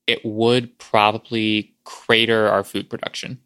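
A man with a fairly low voice co-hosts a casual podcast chat. He talks in a wry, matter-of-fact way. The sound is dry and close, with no room echo. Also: level tone, unhurried, fairly bright tone, clear, resonant tone. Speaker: podcast co-host.

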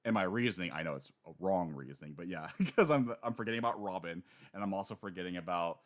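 A man co-hosting a casual chat, animated and quick to laugh, slipping into voices when he retells scenes. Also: deep voice. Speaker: podcast co-host discussing a manga.

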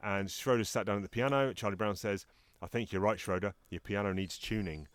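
A man's voice: on the low side, brisk, dry recording. A man co-hosting a casual podcast, describing comic strips and acting out the characters' lines with animation. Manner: animated, acts out comic dialogue. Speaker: podcast co-host. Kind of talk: casual chat, reading comic strips aloud.

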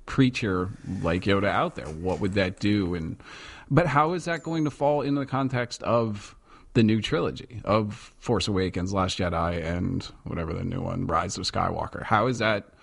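Low-voiced man in casual chat. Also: animated, moderate pace, creaky. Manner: enthusiastic, rambling fan talk.

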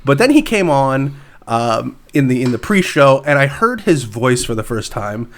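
A man co-hosting a podcast, enthusiastic and halting, with plenty of fillers and giggles. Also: mid-range voice, sing-song. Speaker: podcast co-host. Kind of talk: casual podcast chat.

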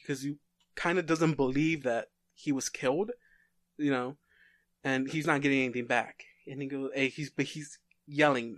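Halting man telling a story. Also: mid-range voice, fairly even intonation, fairly bright tone, dry recording, studio quality. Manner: halting, many fillers and restarts. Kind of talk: casual story pitch.

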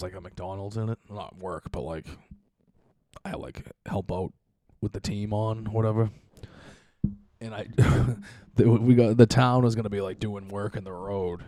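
Laid-back, low-voiced podcast host. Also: male voice, dark tone, no room sound. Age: young adult. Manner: rambling, joking, swears a lot, laughs often. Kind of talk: casual chat. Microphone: close podcast mic.

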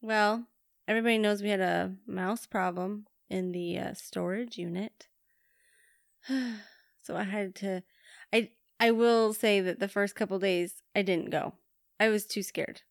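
A woman's voice: mid-range voice, steady tone, measured pace, gravelly, dry recording, clean studio sound. A woman from Montana chatting casually as a podcast co-host, telling stories and laughing often. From Montana, USA. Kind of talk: casual chat.

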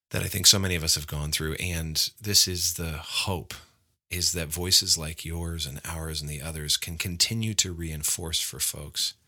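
Very deep-voiced bright male podcast host. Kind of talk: casual interview chat.

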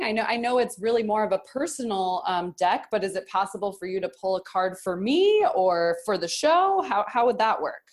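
A woman hosting a casual podcast, encouraging and quick to laugh. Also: medium pitch. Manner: warm, giggly, encouraging. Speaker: podcast host.

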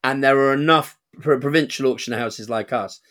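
A man's voice: mid-range voice, normal speed, fairly bright tone. A man co-hosting a podcast as an auctioneer, easygoing and a bit rambling, with self-deprecating humor. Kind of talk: casual podcast chat.

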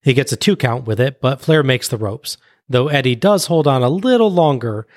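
A man on a podcast recapping a wrestling match blow by blow in a brisk play-by-play recounting. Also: medium pitch, lively intonation, dry recording, studio quality. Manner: brisk play-by-play recounting, laughs at own jokes. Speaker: podcast co-host.

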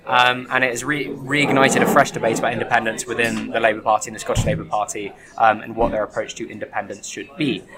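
A man's voice: mid-range voice, level tone, quick pace, hardly any pauses. A man hosting a casual political podcast, talking loosely and jokingly with many fillers. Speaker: podcast host. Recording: noisy crowd in the background. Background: crowd chatter.

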